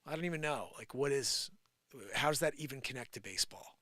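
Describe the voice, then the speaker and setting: A man hosting his own live show rants in an improvised, sarcastic way. His voice sits a bit high and comes out sharp and bright. He swings from loud bursts to low mutters, and the close mic leaves almost no room sound. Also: brisk, dry recording. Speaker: live-stream host. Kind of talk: improvised live opinion rant.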